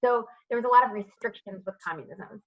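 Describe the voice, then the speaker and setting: A woman with a fairly high pitch lectures on history in an online class, speaking fast over a video call. She asks students questions by name and checks in with "right?", and her computer mic gives dull audio.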